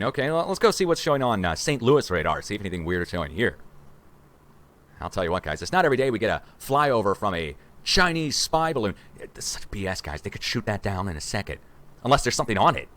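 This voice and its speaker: A man in his forties hosting a rambling livestream from a room at home, excitable and conspiratorial, talking to viewers as guys. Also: on the low side, quick pace. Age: 40s. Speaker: livestream host.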